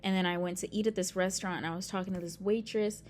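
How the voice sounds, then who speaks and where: A woman's voice: fairly low pitch, fairly even intonation, fast talker, a little hiss or hum. Chatty young woman vlogging. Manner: chatty, rambling, full of "like" and "um". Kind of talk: casual talking-to-camera vlog. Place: indoors near a street with passing traffic.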